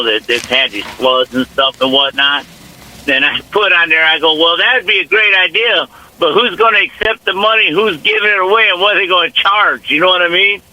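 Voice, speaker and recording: Male caller, Northwest Indiana accent, rambling folksy talk, phone line, high bright voice. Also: no room sound. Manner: rambling, folksy, calls people man and brother. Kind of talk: casual call-in chat.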